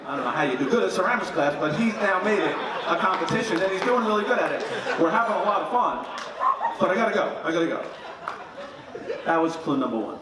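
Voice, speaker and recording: A man's voice: high voice, fast talker, over a noisy crowd. A middle-aged man giving a father-of-the-groom wedding speech, telling funny stories and acting out the voices of the people in them. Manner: humorous, animated, acts out quoted voices. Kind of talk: storytelling wedding toast. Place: wedding reception hall. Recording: very echoey hall, distant mic, faint noise.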